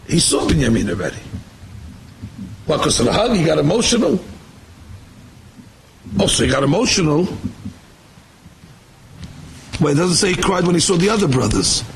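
High, gravelly-voiced man giving a sermon. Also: a little hiss or hum, poor audio. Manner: rapid Hebrew quotes, rhetorical questions. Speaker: rabbi giving a Torah class. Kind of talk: Torah sermon mixing English and Hebrew.

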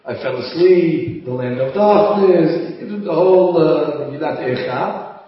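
A man, a religious teacher, giving a sermon and telling a parable in an animated storyteller's manner. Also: fairly high pitch, slow pace. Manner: animated storyteller, acting out the characters. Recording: echoey hall, voice from far off, dull.

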